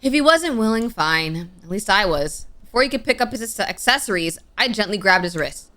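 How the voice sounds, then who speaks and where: Speaking a little fast at medium pitch, this young female streamer gives a game story a dramatic reading, peppered with casual, playful comments. She stays expressive throughout, now and then bursting out playfully.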